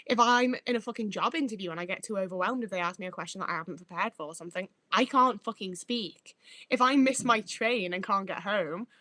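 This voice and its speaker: A woman's voice: medium pitch, bright, forceful tone, no room sound. Sweary chatty Northwest English woman. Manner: chatty, sweary, self-mocking. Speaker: streamer. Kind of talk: casual livestream chat with viewers. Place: her own home.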